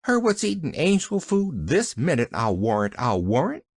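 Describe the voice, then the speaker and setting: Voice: medium pitch, wildly swooping pitch, normal speed, a little mellow, dry recording, clean studio sound, voice pushed up. A reader voicing a kindly, flustered young servant woman with folksy rural dialect and sudden exclamations. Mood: fretful.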